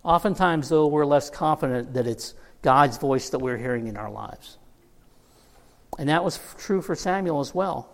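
A man's voice: a little high, moderate pace, creaky. A middle-aged man preaching a sermon, telling a Bible story with humor and acting out the characters' lines. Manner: storytelling with humor, quoting characters in lively voices. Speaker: pastor. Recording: long hall reverb.

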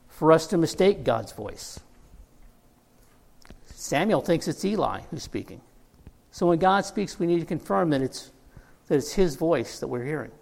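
Middle-aged guy preaching, kinda high voice, jokey storytelling, big echoey church hall. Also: vocal fry. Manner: storytelling with humor, quoting characters in lively voices. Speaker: pastor. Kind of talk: sermon. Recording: long hall reverb.

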